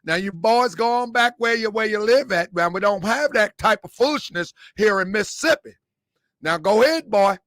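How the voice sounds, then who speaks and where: A man voicing a folksy older Southern male sheriff in overalls, with a slow, mock-stern drawl. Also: high voice, fairly bright tone, no room sound. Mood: dismissive.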